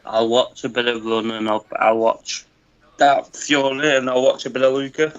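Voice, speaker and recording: A man's voice: mid-range voice, little pitch movement, moderate pace, clean tone. A man calling into a sports talk live stream, chatting casually, laughing and swearing. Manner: laughing, swearing, mock play-by-play calls. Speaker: caller. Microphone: internet call. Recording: dull lo-fi call audio.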